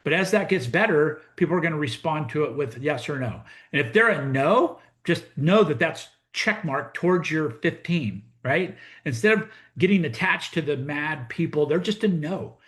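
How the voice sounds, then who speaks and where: A man's voice: fairly high pitch, animated, moderate pace, hardly any pauses, a bit bright. A middle-aged American man, a real estate coach, telling a story as a monologue and acting out both sides of the conversation. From United States.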